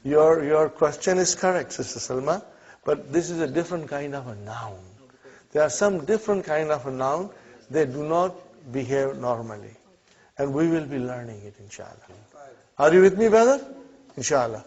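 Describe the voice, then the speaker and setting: A man with a fairly high, darkish voice teaches an Arabic class at a moderate pace with lively intonation. He patiently goes through example sentences, checking in often with "huh?" and "okay?" to encourage his students. The classroom recording sounds dull and lo-fi.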